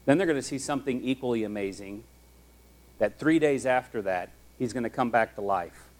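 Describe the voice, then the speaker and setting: A man preaching a sermon as a pastor, telling the story in a conversational, animated way. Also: medium pitch, a little fast.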